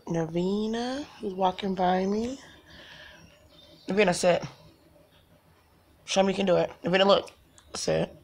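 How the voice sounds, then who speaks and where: A woman's voice: medium pitch, measured pace, long pauses, a little mellow. A woman filming her cats at home, talking to them in coaxing baby talk and laughing often. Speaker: cat owner filming her pets. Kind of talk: casual home video chat. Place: at home, indoors.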